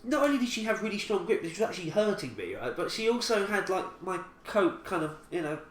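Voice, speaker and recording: With a high-pitched voice, big swings in pitch, and a fast pace, a man in his 20s from England co-hosts a podcast. He spins a meandering anecdote in casual chat, laughing and restarting often, in an echoey room with faint ambient noise.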